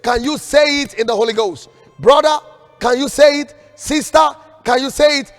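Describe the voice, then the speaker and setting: A fervent man preaches a prophetic prayer sermon in a very high voice. He calls out declarations for listeners to shout back. His voice rings through a long hall reverb over faint background music. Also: normal speed. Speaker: prophet leading online prayer broadcast.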